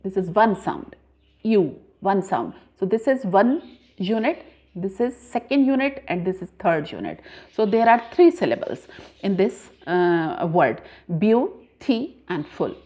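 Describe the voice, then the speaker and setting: A woman teaching a grammar lesson, explaining slowly and repeating points, with frequent pauses. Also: mid-range voice, expressive, darkish tone. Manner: slow, deliberate, repeats points with many "uh" pauses. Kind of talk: classroom lesson explaining syllables.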